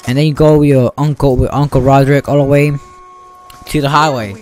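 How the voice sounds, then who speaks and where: Excitable rambling gaming YouTuber, a man. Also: medium pitch, a little fast, a little hiss or hum. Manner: rambling, excitable, acts out sound effects. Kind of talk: casual storytelling over gameplay.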